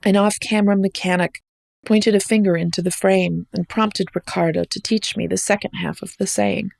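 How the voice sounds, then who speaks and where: Gravelly-voiced woman reading a travel essay. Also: medium pitch, expressive, normal speed, dry recording. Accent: American. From United States. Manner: wry, reflective storytelling. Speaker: podcast host and essay narrator.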